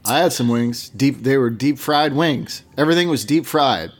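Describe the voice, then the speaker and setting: A man's voice: mid-range voice, normal speed. A man in casual chat, laid back, giving short replies and dry jokes.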